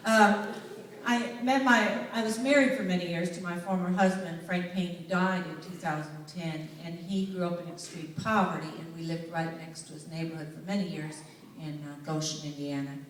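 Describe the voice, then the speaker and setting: A woman's voice: fairly low pitch, slight background noise. A woman with a Southern US accent giving a humorous presentation to a live audience, telling stories and speaking to the listeners directly. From United States. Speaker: public speaker. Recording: echoey hall, voice from far off.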